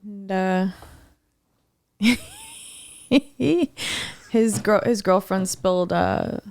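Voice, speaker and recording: A woman's voice: mid-range voice, very slow, clean tone. A middle-aged woman co-hosting a casual podcast chat, telling stories with lots of laughter and acting out what people said. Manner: animated storyteller, acts out quotes, laughs often. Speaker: podcast co-host.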